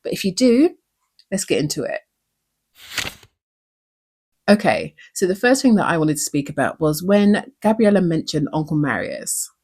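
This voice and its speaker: A woman's voice: on the low side, very animated, moderate pace, long pauses, darkish tone, breathy edge. A woman hosting her own channel, breaking down a TV episode with earnest emotion and many rhetorical questions. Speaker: YouTube show recap host.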